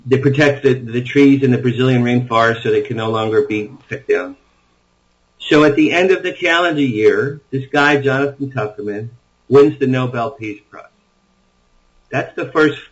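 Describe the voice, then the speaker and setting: A man's voice: mid-range voice, muffled recording. A man being interviewed as an author, talking eagerly and at length, often restarting his sentences. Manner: enthusiastic, rambling storyteller with frequent restarts. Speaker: author guest. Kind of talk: interview conversation.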